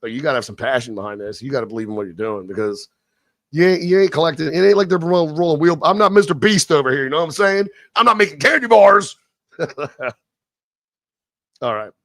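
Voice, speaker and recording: This live-stream host's voice is on the high side with lively intonation, captured at studio quality with no room sound. He shifts from loose chatting and rambling, foul-mouthed rants to a slow reading of scripted narration.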